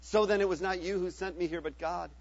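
Man reading a grave, earnest ruler, high-voiced, in a scripture reading. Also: fairly even intonation, brisk, highs cut off. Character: Joseph, a powerful ruler revealing himself to his brothers.

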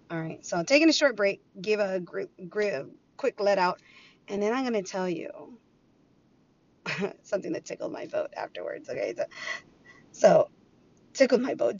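A woman hosting a podcast in a casual monologue, animated and acting out both sides of her arguments. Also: mid-range voice, no room sound, dull audio. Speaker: podcast host.

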